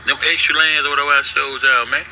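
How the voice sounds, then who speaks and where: A man's voice: fairly high pitch, level tone, fast. A man hosting a casual online show, arguing and cursing in while reading search results aloud. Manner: argumentative, profane, reads search results aloud. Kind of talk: casual ranting commentary. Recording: noisy home recording.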